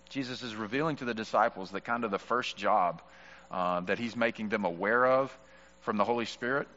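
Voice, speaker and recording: A man with a lowish, fairly bright voice preaches an earnest, explanatory sermon, working through a passage with small fillers. The recording is muffled, with long hall reverb.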